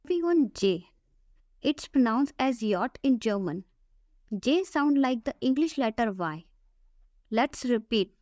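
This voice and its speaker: Slow, careful woman teaching the alphabet. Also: on the high side, lively intonation, a little mellow, dry recording. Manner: slow, careful, repeats each word for practice. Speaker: language teacher. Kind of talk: slow scripted alphabet lesson.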